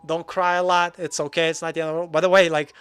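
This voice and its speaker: Casual live-stream host, man in his forties from Russia, slightly high voice, rambling, faint music behind. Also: flat delivery, quick pace, a bit bright, clean tone, no room sound. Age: 40s. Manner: rambling, self-deprecating, filler-heavy. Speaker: livestream host.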